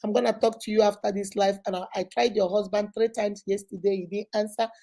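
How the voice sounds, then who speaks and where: A woman's voice: mid-range voice, steady tone, brisk, mellow. Emphatic motherly woman giving advice. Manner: emphatic, repetitive, motherly, addresses listener as baby. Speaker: relationship advice host and child therapist. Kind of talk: live advice session.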